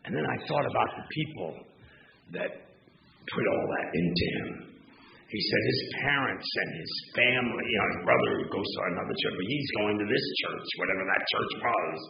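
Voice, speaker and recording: A man's voice: medium pitch, gravelly, slight background noise. An older man, a minister, preaching a chatty, rambling sermon in a church, with restarts and asides to the congregation. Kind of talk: conversational sermon. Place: church sanctuary. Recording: dull lo-fi sermon recording.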